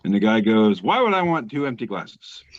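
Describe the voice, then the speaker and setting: A man's voice: fairly low pitch, very animated, measured pace, dry recording. A man co-hosting a casual show, reading meme captions aloud with wry, swearing asides. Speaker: co-host. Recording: dull lo-fi call audio, dry.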